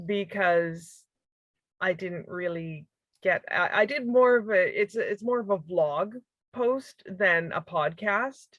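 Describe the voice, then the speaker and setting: A woman's voice: mid-range voice, no echo, highs cut off. A woman co-hosting a podcast, chatting casually with playful humor and frequent laughter. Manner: playful, laughs often, animated. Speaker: podcast co-host. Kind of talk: casual chat.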